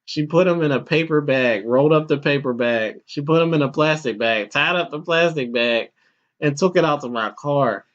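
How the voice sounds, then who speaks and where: A man co-hosting a podcast, telling stories in a casual, animated, slangy way. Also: fairly high pitch, normal speed. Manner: animated, slangy, says "yo" a lot. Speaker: podcast co-host. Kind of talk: casual chat, storytelling. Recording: dull lo-fi podcast audio.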